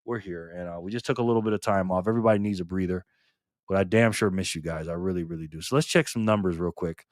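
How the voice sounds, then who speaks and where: Hosting a casual live stream at a quick pace, an older man calls out viewers by name, sometimes booming cheerfully, sometimes dropping low and quiet. The recording is dry with clean studio sound.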